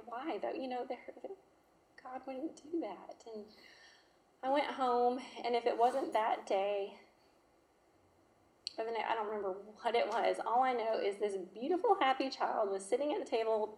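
A woman in her thirties, a mother telling her personal story in an emotional, halting, heartfelt way. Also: fairly high pitch, a little mellow. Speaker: mother sharing her testimony. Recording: roomy echo.

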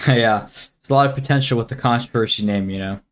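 A man's voice: mid-range voice, brisk. A teenage boy hosting a school podcast in casual chat, easygoing and laughing often. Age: teens. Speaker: podcast host.

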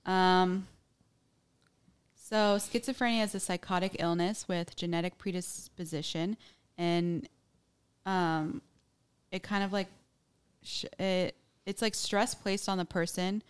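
Chatty young woman, smooth low voice. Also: fairly even intonation, slow pace, pauses often. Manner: chatty, filler-heavy, restarts sentences. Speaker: podcast co-host. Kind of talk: casual chat, reading research notes.

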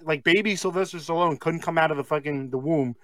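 A man's voice: a little high, quick pace, fairly bright tone, no echo. A man from South Philadelphia, co-hosting a podcast with sarcastic, crude jokes. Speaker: podcast co-host. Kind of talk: casual crude banter.

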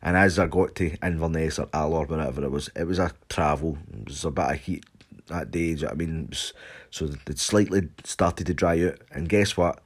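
A young Scottish man casually telling a sweary anecdote, shouting out the lines he quotes. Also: a bass voice, a little fast, husky. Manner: swears constantly, animated retelling with shouted quotes. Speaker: storyteller.

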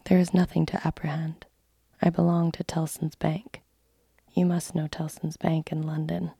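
A composed gentleman from a bank , whispered by a woman, speaks with quiet business confidence. The whispered role-play stays low and mellow. It is breathy and close to the mic. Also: little pitch movement, moderate pace, dry recording, exaggerated voice. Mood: calm. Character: calm businesslike male bank clerk passenger.

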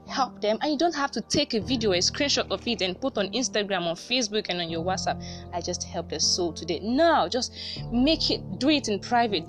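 A woman giving a casual, inspirational talk to a faith group, telling a story in an animated way and laughing often. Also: a little high. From Nigeria. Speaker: vlogger addressing a faith group.

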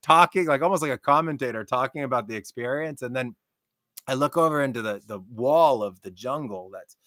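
A man speaking as a podcast guest, his storytelling animated and tumbling forward with repeated "like." His pitch sits mid-range, and the recording is dry with no room sound. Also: brisk, dry recording. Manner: excitable, repeats "like" often.

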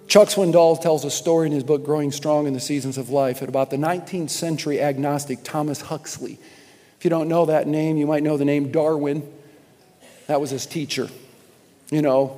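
Impassioned high-voiced male preacher in a hall. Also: normal speed. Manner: impassioned, rising to shouts then dropping to quiet questions. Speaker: pastor. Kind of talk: sermon. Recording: music and long hall reverb.

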